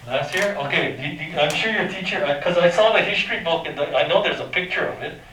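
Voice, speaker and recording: Fast and forceful, this high school math teacher speaks in a bright voice on the high side. In an echoey classroom recorded from far away, he lectures informally, quizzing his students and making sound effects.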